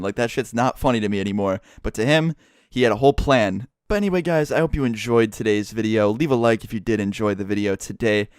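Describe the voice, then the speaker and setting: A young man tells a story from his own life in a vlog. He talks quickly and swears freely. The sound is close and dry. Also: on the low side, smooth, no room sound. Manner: fast, profane, animated storytelling. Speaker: vlogger.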